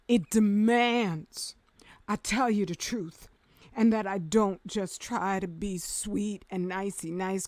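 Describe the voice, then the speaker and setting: A woman's voice: medium pitch, no echo. A woman vlogger delivering a passionate, emphatic commentary rant, sarcastic at times.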